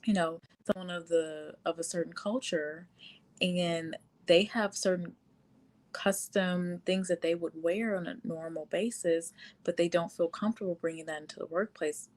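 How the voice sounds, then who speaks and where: A woman's voice: fairly low pitch, steady tone, moderate pace, a little mellow. A woman hosting a casual live stream, talking at length with frequent fillers and reading viewer comments aloud. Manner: frequent fillers, laughs often. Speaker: livestream host.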